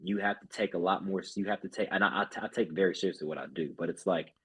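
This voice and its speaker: A man's voice: deep voice, steady tone, fast talker, a bit bright, breathy edge. A man who is a group fitness instructor, talking earnestly as a podcast guest and often restarting his sentences. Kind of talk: casual podcast chat.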